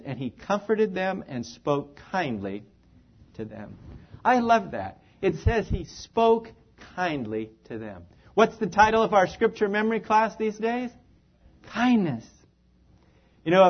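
A man preaching a sermon with a high, light voice. He speaks earnestly and with emphasis, and his phrases trail off softly at the ends. The sound is a little dull and lo-fi. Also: animated, normal speed, slightly rough.

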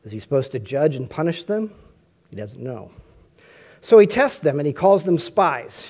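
A man's voice: on the high side, big pitch swings, moderate pace, a little mellow. A man preaching a conversational sermon, often asking his listeners rhetorical questions.

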